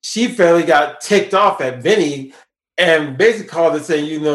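A man's voice: on the high side, normal speed, fairly bright tone. A man hosting a casual podcast about a film, rambling with restarts and laughing often. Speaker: podcast host. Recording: roomy echo.

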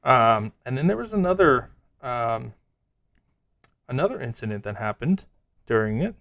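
A man's voice: mid-range voice, moderate pace, creaky, dry recording. A man chats casually and tells a story with animation, slipping into the voices of the people he describes. He sits close to the mic in a dry space, with a mid-range voice. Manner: animated storyteller acting out quotes. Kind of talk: casual chat.

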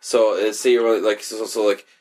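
A man's voice: fairly low pitch, little pitch movement, moderate pace, darkish tone. A young man co-hosting a casual chat, telling rambling stories full of swearing and laughter. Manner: profane, laughing, rambling storyteller. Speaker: podcast co-host.

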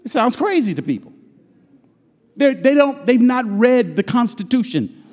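A pastor preaching a sermon, swinging from loud shouted lines to low murmurs and drawing out his phrases. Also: very animated, normal speed. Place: church sanctuary. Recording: long hall reverb.

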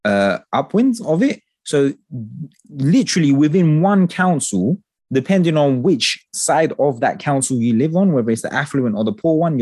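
A man in casual political chat, talking with passion, swearing and ranting in an animated way. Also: medium pitch, slightly rough, no echo, clean studio sound. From England.

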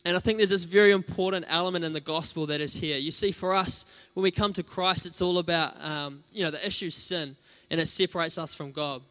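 A man's voice: a little high, steady tone, a little fast, few pauses, pushed and bright. A man preaching a sermon in a conversational, storytelling way, with casual fillers.

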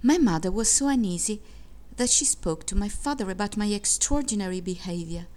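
Woman reads a short story aloud, measured, expressive, steady. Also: medium pitch. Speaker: reader. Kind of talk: literary reading aloud.

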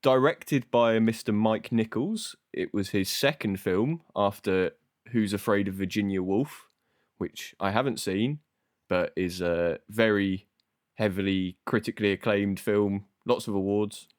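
A young Englishman hosts a relaxed film podcast, talking in a loose, offhand way and laughing at himself. His voice sits low. The sound is dry and close. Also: a little slow, no room sound. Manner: loose, sweary, self-deprecating. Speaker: podcast host. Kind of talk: casual film podcast chat.

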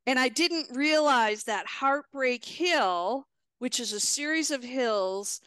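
Bright crisp woman, tells stories lively, acts out her reactions. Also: high-pitched, slow, no echo. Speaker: guest, retired wheelchair racer. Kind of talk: storytelling in a podcast interview.

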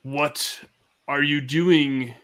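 A goblin queen who leads her camp with menace, put on by a man. She asks her questions slowly and with threat. The pace is deliberate and drawn out. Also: fairly high pitch, fairly even intonation, a bit bright. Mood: menacing.

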